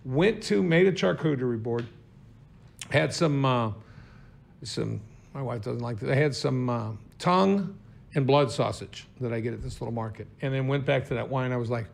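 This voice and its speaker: Joking man with a gravelly voice. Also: mid-range voice, normal speed. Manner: joking, playful, laughs easily. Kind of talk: casual chat.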